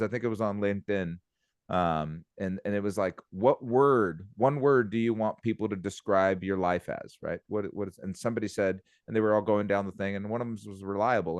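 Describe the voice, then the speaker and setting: A man's voice: lowish voice, darkish tone, no room sound, clean studio sound. A man co-hosting a business podcast, talking bluntly and emphatically and swearing casually.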